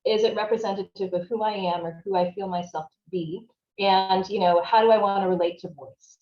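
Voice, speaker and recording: A woman's voice: medium pitch, fairly even intonation, brisk. A woman, a writer and performer, speaking thoughtfully as an interview guest, searching for words with many casual fillers. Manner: thoughtful, searching, frequent "you know" and "like" fillers. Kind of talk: reflective conversational interview. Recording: roomy, dull lo-fi sound.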